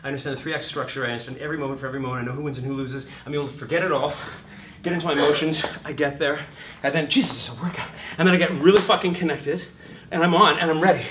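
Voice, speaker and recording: A middle-aged man teaching acting in a lecture, swearing freely and acting out scenes with sudden shouts. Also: fairly high pitch, fairly even intonation, rapid-fire, far from the mic, noisy background. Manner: profane, acts out voices and shouts mid-talk. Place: lecture room. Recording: echoey room, heard from off mic.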